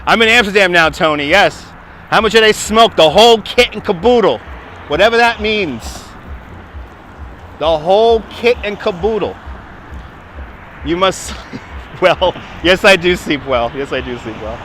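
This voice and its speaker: A man with a Brooklyn accent hosts a casual live stream on a city waterfront, chatting, laughing a lot and thanking donors. His voice sits high with lively intonation at a normal speed, pushed and bright. It's recorded on a phone on a gimbal, with slight background noise.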